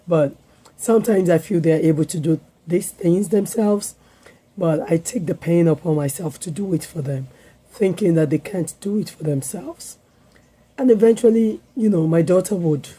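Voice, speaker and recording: A woman hosting her own parenting vlog, her voice hoarse as it comes back, talking earnestly with filler pauses. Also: low voice, warm tone. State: hoarse, voice recovering. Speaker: vlogger and parenting show host. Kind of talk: solo vlog talk to viewers.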